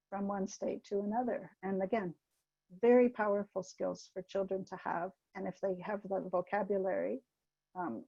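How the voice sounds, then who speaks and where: An older woman from Canada presenting a webinar talk, speaking gently and anecdotally with pauses and fillers. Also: medium pitch, vocal fry, breathy edge, no room sound, muffled recording.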